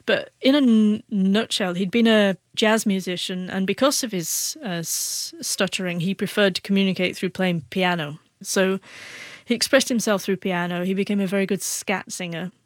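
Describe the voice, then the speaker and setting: A woman's voice: mid-range voice, fairly even intonation, moderate pace, no echo. A woman who stutters, answering questions as a guest author in a radio interview. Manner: speaks with a stutter, repeating first sounds.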